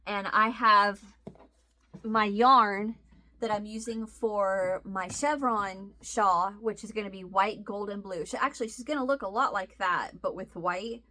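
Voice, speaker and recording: A woman with a bright, forceful voice tells a story in casual vlog chat. She rambles along in an animated way, circling back and starting sentences over. Her voice sits at an ordinary middle pitch. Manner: rambling and animated, with restarts and laughs. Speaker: crochet vlogger.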